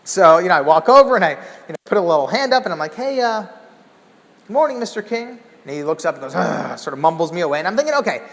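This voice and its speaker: A man giving a keynote talk, telling a story with lively, acted-out exclamations. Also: fairly high pitch, racing, long reverb tail. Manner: animated, acts out scenes with loud exclamations. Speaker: keynote speaker. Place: large hall.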